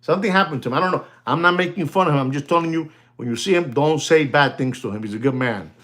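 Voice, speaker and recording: Animated man rambling to his viewers. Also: on the high side, fast talker. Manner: animated, repetitive, laughs often, addresses "ladies and gentlemen". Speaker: watch dealer hosting a sales stream. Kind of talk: rambling casual sales talk.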